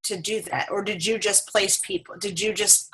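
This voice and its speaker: A woman's voice: mid-range voice, steady tone, normal speed, fairly bright tone, poor audio. Woman, team call host, curious questions, casual, video call. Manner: curious, laughing, stumbling restarts.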